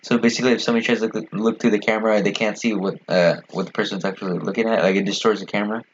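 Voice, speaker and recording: A young man co-hosting a casual podcast chat, talking fast and rambling with lots of fillers and swearing. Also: fairly low pitch, steady tone. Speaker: podcast co-host. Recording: dull lo-fi sound with faint noise.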